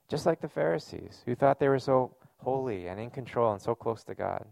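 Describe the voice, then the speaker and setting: A man's voice: medium pitch, lively intonation, fairly quick, gravelly, few pauses, a little mellow, no echo. A man giving a sermon as a pastor, speaking in a conversational, earnest way with casual fillers.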